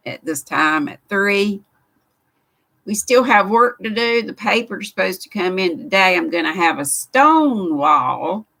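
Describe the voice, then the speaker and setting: Older southern lady hosting a live chat, drawly slow talk, bit of fry in her voice, warm homey manner. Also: mid-range voice. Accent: Southern American. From United States. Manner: chatty and homespun, greeting viewers by name. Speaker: livestream host. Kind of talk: casual live chat, reading viewer comments. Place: craft room indoors.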